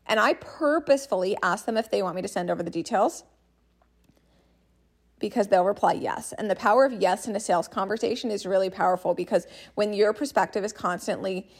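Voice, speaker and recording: A woman's voice: mid-range voice, a little fast, husky. A young adult woman coaching listeners on sales in an enthusiastic, direct way. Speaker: business coach. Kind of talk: teaching monologue.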